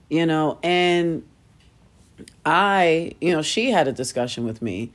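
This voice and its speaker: A woman's voice: low voice, lively intonation, slow. A middle-aged woman hosting a podcast, talking casually and self-deprecatingly, laughing at herself and acting out quoted voices. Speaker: podcast host. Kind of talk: casual solo podcast storytelling.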